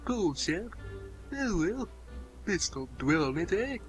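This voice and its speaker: A man voicing a chatty, posh gentleman in a put-on English accent, breezy and chirpy. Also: high voice, sing-song, slow, faint music behind, exaggerated voice.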